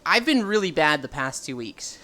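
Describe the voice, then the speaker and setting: Over soft music, a young adult streamer talks loosely with the audience, cursing freely and answering messages as they appear. The delivery is very animated at normal speed, with a medium pitch and a sharp tone.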